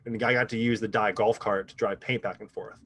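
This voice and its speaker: Here a thirty-something pro paintball player tells stories as a guest on a casual podcast, his fairly low voice running at a quick clip over a little hiss or hum. His speech rambles, full of fillers, and turns animated when he quotes someone.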